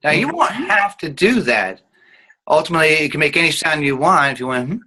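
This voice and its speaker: Bright-voiced man coaching a class. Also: on the high side, sing-song, brisk, rough recording. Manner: demonstrates with hums and sounds, patient. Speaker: acting teacher.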